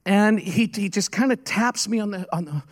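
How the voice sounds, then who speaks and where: A man delivers a sermon in a noticeably high voice. His delivery is conversational and earnest, full of stories told with halting restarts and self-corrections. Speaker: pastor.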